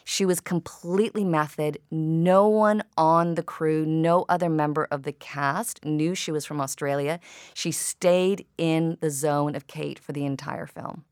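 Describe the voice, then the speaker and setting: A woman's voice: sits low, steady tone, a little slow, a little mellow, clear, resonant tone, dry recording, clean studio sound. A woman filmmaker interviewed about her work, talking reflectively and telling stories. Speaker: filmmaker guest. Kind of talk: interview conversation.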